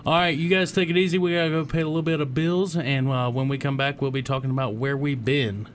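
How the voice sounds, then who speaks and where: A man's voice: mid-range voice, fairly even intonation, fast, a little hiss or hum. A man co-hosting a radio show, chatting about cars in an easygoing way. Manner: easygoing, laughs along. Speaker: co-host. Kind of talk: casual radio show chat.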